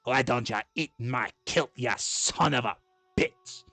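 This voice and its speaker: A man's voice: mid-range voice, slow pace, sharp tone, no echo, soft background music, full character voice. A man voicing a belligerent, boastful red-bearded Scotsman in a Scottish accent, taunting and bursting into battle cries.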